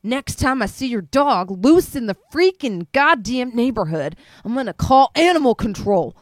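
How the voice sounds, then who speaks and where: A woman puts on a red-faced neighborhood dad bellowing curses over a loose dog. His voice rides high and hot, pushed up from her own, and the sound is dry and close with no room around it. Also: very animated, moderate pace, dry recording. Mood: furious yelling. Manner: cursing, yelling, accusing. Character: angry shouting middle-aged father, furious neighbor.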